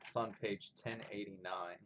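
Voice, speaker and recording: A man's voice: sits low, fairly even intonation, moderate pace, noisy background. A man lecturing on poetry to a class, explaining with fillers and restarts. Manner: reads poems aloud with stressed rhythm, louder than his talk. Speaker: literature lecturer. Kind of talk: recorded lecture with poetry reading.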